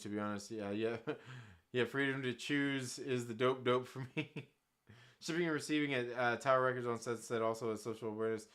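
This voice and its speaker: A man's voice: a little high, bright, forceful tone. A young man hosting a casual live stream, reading chat aloud and telling rambling, profane stories with frequent laughter.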